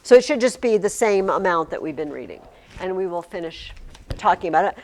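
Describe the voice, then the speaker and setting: A woman's voice: on the low side, expressive, a little fast, darkish tone. A woman teacher giving a classroom lesson, talking emphatically and often restarting her words. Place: classroom with curtains on the walls. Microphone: recording device in the classroom.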